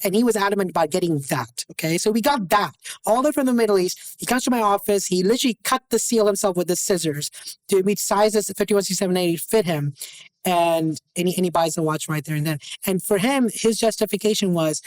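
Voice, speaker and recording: Guy rattling fast through an anecdote, easy conversational tone, acts out the back-and-forth. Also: high-pitched, low-quality recording. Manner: animated, acts out quoted dialogue. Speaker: watch dealer, guest. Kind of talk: casual interview storytelling.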